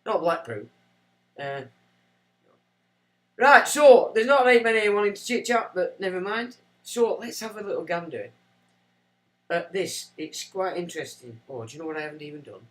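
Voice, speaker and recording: A man's voice: high-pitched, expressive, normal speed, pauses often, rough recording. A man hosting a livestream, rambling and self-mocking as he chats to viewers. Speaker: livestream host. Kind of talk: casual livestream chat.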